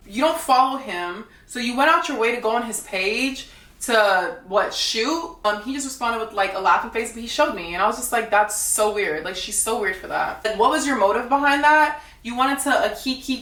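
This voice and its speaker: Rich: A young woman with a fairly high voice speaks bluntly to camera, peppering every sentence with "like". The room sounds echoey, and she sits back from the mic. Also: normal speed, sharp tone, recorded from a distance. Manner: blunt, gossipy, heavy use of "like". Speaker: reality dating show contestant. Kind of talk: casual storytelling to camera.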